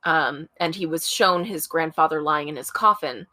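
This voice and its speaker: A woman co-hosts a true-crime podcast, telling the story in a casual, chatty way with wry asides and frequent laughs. Her voice is low, bright, and forceful at a moderate pace, captured in clean studio sound with no echo.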